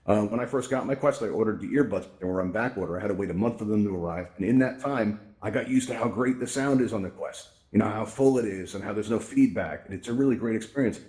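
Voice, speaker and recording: A man's voice: lowish voice, quick pace, hardly any pauses, mellow. A man hosting a live event in a virtual world through his headset mic, telling jokey stories with lots of fillers and asides. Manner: chatty, jokey storyteller with many fillers. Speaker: event host.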